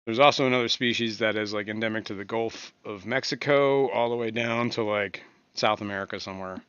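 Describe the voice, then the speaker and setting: A man's voice: lowish voice, fairly even intonation, fairly quick, fairly bright tone, clean tone, no echo, highs cut off. A man hosting a casual livestream from his fish room, rambling with muttered asides and lots of fillers. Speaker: livestream host.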